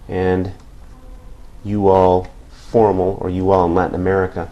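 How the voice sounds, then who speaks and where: A man's voice: sits low, steady tone, a little slow, long pauses, dark tone. A man teaching a Spanish grammar lesson at a whiteboard, explaining patiently and checking in with listeners after each point. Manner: patient, repeats points with frequent "okay?" checks.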